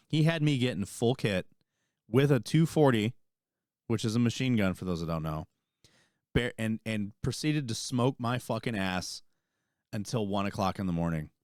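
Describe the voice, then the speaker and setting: In a casual chat, a young army veteran who co-hosts a podcast tells a rambling, profane story, growing animated as he retells it. His voice sits lowish, and the studio sound is clean with no echo.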